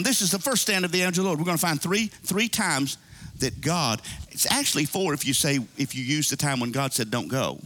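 A man preaching a sermon, reading scripture and retelling it with animated asides and character voices. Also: on the high side, fairly quick. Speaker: pastor.

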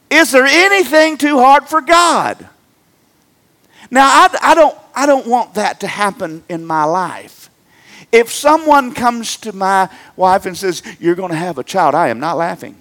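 A middle-aged man preaching a humorous sermon, jumping between loud emphatic lines and quiet joking asides. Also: high-pitched. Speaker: pastor.

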